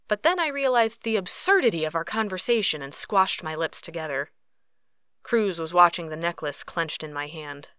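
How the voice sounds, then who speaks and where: A woman narrating a first-person novel as an audiobook, with expressive, lively reading. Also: lowish voice, normal speed, clear, resonant tone, no room sound, studio quality.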